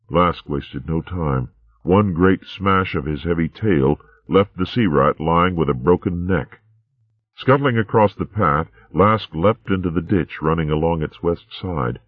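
A man narrating a storybook in a steady, measured way. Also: deep voice, no room sound. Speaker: audiobook narrator. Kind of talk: scripted narration. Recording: tinny narrow-band recording.

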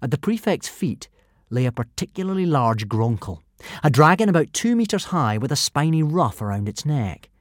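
A man narrating a children's adventure audiobook in an expressive, animated reading. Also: on the high side, normal speed, no room sound, studio quality. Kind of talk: storybook narration.

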